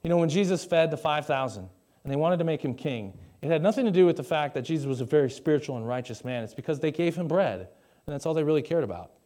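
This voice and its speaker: A man's voice: on the high side, animated, fast talker, warm tone. A young man preaching a conversational sermon to a live congregation on a stage mic, with jokey asides and questions to the audience. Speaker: pastor.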